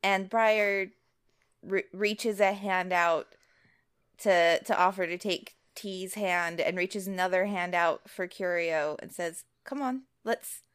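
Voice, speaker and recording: A woman playing a tabletop game, gently describing what her character does. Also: lowish voice, fairly even intonation, takes it slowly, clear, resonant tone. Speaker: player. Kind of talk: casual tabletop role-play.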